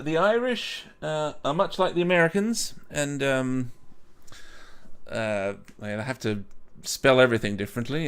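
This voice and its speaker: A man's voice: mid-range voice, clear, resonant tone. Rambling, self-mocking man reviewing whisky. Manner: many restarts and stumbles. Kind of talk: casual whisky review vlog.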